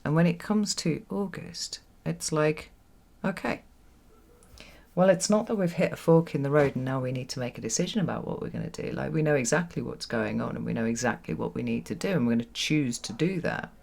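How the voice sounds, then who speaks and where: Brisk and creaky yet a little mellow, this medium-pitched voice belongs to a tarot reader doing a reflective solo reading to camera at home, with children nearby. Words get repeated for emphasis, punctuated by "right?".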